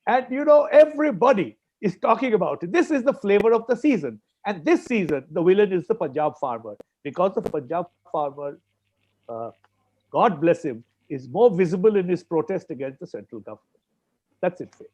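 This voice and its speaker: A man with an Indian English accent argues forcefully as a farmers' spokesperson on a panel, repeating key points for stress. His voice sits high and sounds animated, with a darkish tone and a moderate pace.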